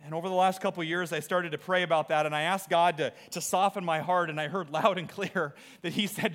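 A man preaching as a pastor in a church service, earnest and animated, with repeated phrases. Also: a little high, a little fast, hardly any pauses. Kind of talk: sermon. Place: church auditorium.

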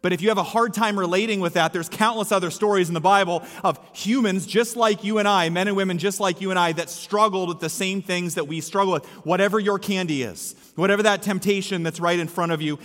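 A man's voice: high-pitched, fairly quick, few pauses, a bit bright. A male pastor giving a sermon in a church, preaching with emphasis and repeating his key lines. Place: church sanctuary. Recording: echoey hall with long reverb.

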